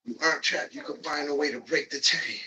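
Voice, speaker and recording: A man leading a workout on a livestream, out of breath as he exercises and talks in a preachy, pumped-up coaching way with loud whoops. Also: on the high side, a little fast, slight background noise. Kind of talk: motivational workout talk. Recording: voice distant from the mic.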